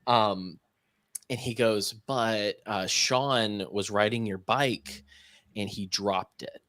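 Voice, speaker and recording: A young man on a podcast casually telling an animated story and acting out the dialogue. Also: lowish voice, slow, no echo, clean studio sound. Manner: animated anecdote teller, acts out quoted dialogue. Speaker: podcast co-host.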